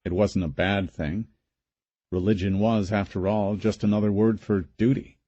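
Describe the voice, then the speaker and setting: A man's voice: lowish voice, fairly even intonation, moderate pace, warm tone, no room sound, dull audio. A man reading a horror audiobook aloud in a dramatic, suspenseful way. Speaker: audiobook narrator. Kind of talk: scripted narration.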